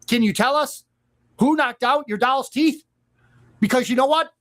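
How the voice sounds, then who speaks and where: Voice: sits high, moderate pace. A host delivering an opinionated commentary monologue in a sarcastic, mocking and emphatic manner.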